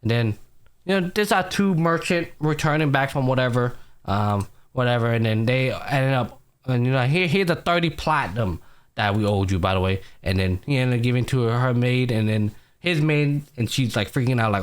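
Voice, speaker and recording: A man's voice: medium pitch, expressive, moderate pace. A young man with a mid-range voice chats casually on a podcast, walking through anime episodes scene by scene. He jumps into the characters' lines as he retells them, and his talk is loose and full of slang and the odd curse. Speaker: podcast host. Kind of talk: casual anime recap chat.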